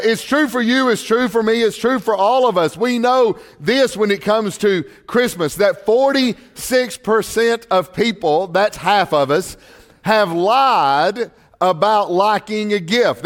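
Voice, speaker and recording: A man's voice: sits high, long reverb tail. A man, a pastor preaching a sermon in a church and telling folksy stories. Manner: folksy storytelling with crowd surveys. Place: church sanctuary.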